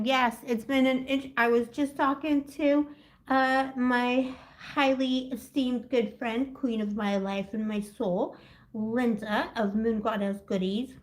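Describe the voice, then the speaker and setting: A woman with a fairly high voice hosts a live tarot stream in loose, chatty talk. She wanders from topic to topic, leans hard on "like" and "you know," and laughs often. She talks into her device's built-in mic. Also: fairly even intonation, slow. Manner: rambling and giggly, jumps between topics; heavy use of "like" and "you know". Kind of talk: casual live-stream chat. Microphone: built-in device mic, no separate mic.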